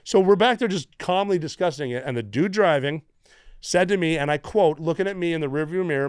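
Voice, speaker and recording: A middle-aged man from the United States, a former Navy SEAL guest telling stories in a casual, profane, animated way. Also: on the high side, a little fast, clear, resonant tone, no room sound, clean studio sound. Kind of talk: casual storytelling.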